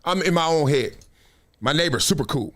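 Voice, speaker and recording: A male host telling a story on a live stream, animated and slangy, laughing often. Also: fairly high pitch, moderate pace.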